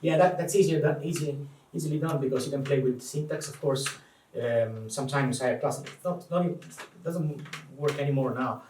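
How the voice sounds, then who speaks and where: A man with an Italian accent, a native Italian speaker, talks as a guest translator in a live public conversation, thoughtful and animated with many restarts. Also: mid-range voice, normal speed, hardly any pauses. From Italy. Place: event room before an audience. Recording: echoey room, distant mic, faint noise.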